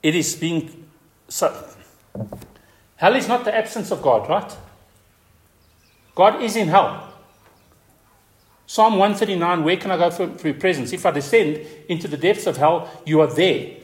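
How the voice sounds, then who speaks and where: A man's voice: unhurried, pauses often. Emphatic man preaching a sermon. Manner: emphatic preaching, repeating key words, pitch swinging high for stress. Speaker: pastor.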